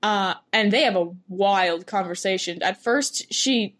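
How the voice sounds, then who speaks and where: A woman chatting casually, retelling a story in an animated, rambling way with lots of laughter. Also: mid-range voice, measured pace. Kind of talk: casual chat.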